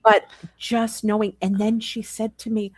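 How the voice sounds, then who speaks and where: Convidada de podcast, mulher, narra de forma sincera e animada; som seco e próximo. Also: female voice, medium pitch, flat delivery, a little slow, a little mellow, dry recording. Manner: earnest storyteller acting out quoted dialogue. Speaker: podcast guest. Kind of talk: live podcast Q&A, storytelling.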